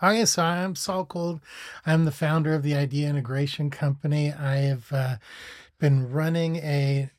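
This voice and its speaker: A man's voice: fairly high pitch, steady tone, moderate pace. A man talking as a guest in a casual interview, loose and talkative, with many fillers and restarts. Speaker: agency founder and guest.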